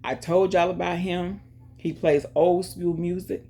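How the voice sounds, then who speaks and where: A woman hosting her own channel, chatting casually and directly to viewers, giving shout-outs and talking about faith. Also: lowish voice, steady tone, measured pace. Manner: chatty, talks straight to viewers with lots of "y'all". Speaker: YouTube channel host. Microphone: earphones in, music playing in her ear.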